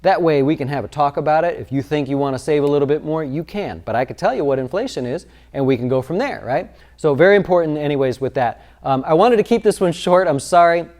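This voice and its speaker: A man's voice: fairly high pitch, lively intonation, fast talker, few pauses, darkish tone. Man, financial advisor, casual explainer, talks through numbers with frequent rhetorical questions. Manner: conversational, asks rhetorical questions. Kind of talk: explanatory video talk.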